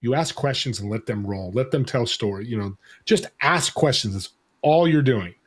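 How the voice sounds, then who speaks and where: Energetic male podcast guest, animated, mid-pitched voice. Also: normal speed, breathy edge. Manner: energetic, animated, acts out quoted dialogue. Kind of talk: casual conversation.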